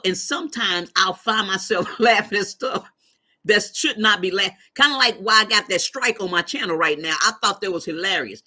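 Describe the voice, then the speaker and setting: A woman chatting on a live stream, her bright voice swinging widely up and down as she tells stories. She laughs often and answers her viewers' comments as she goes. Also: fairly low pitch. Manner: animated storytelling, laughs often; talks back to chat readers. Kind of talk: casual live-stream chat.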